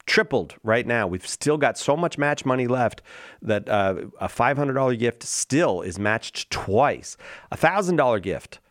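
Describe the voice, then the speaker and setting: A man's voice: mid-range voice, animated, no room sound. A male radio host making an upbeat, urging pledge-drive appeal from a studio. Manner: upbeat, urging, repeats phone number slowly. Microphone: studio microphone.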